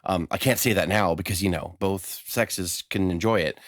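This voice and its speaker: A man co-hosting a podcast in casual chat, an animated storyteller who swears freely. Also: low voice, normal speed, no echo, studio quality. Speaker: podcast co-host.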